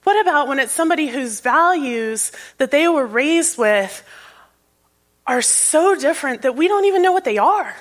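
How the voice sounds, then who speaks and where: A woman's voice: high voice, lively intonation, normal speed. A woman minister giving a sermon in a church, with an earnest manner, rhetorical questions and a repeating cadence. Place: church sanctuary.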